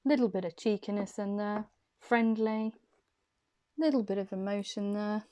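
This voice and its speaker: A woman reads tarot intuitively for the camera at normal speed, her medium-pitched voice dark in tone. Chatty and encouraging, she soothes her audience and repeats phrases for emphasis.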